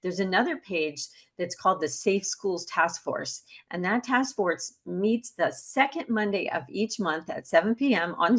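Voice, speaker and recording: A woman's voice: lowish voice, a bit bright, husky. A woman joining by video call as a guest, talking in a chatty, encouraging way. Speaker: guest, advocacy group president.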